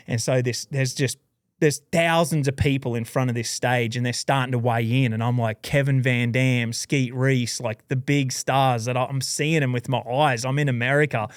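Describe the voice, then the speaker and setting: A man with an Australian accent recounting his journey as a podcast guest, casual and animated, leaning on "dude" and "like" as he goes. His voice is smooth and resonant, recorded close and dry with no room sound. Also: mid-range voice, moderate pace, no echo. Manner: lively, rambling storyteller, says "dude" and "like" a lot. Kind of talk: casual storytelling interview.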